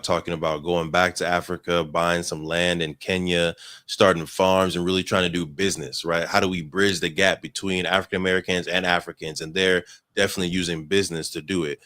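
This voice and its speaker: A man with a very deep, low voice asks questions in a relaxed interview. He keeps things easy and often drops in short affirmations while the other person talks. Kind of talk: casual interview.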